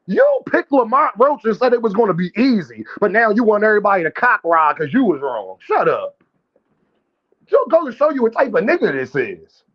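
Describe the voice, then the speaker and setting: A man's voice: high voice, wildly swooping pitch, moderate pace. A man hosting a live boxing stream, talking brash and profane trash while calling out viewers in his chat. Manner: addresses chat directly, calls out viewers. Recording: dull lo-fi stream audio.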